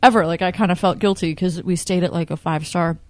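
A woman's voice: lowish voice, fast, no echo. Chatty young woman from California, dry sound. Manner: rambling, heavy use of "like". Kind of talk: casual chat.

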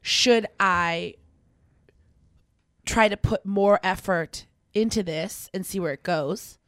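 A young woman co-hosts a college radio talk show, chatting casually about advice in a conversational, reflective way with quick asides. Her mid-range voice has a fairly bright tone, recorded at studio quality with no echo.

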